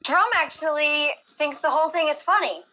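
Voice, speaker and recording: A woman's voice: sits high, moderate pace, bright, forceful tone, low-quality recording. A woman calling into a stream, chatting casually and giggling while she teases. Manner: giggly, teasing. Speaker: friend calling in. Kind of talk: casual chat over voice call.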